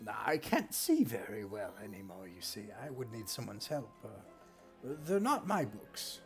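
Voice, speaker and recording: A man's voice: fairly low pitch, huge pitch swings, a little slow, soft background music, exaggerated voice. A man voicing a frail, infirm old man who stammers and hesitates while lying about his books. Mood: evasive. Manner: hesitant, stammering with many uhs.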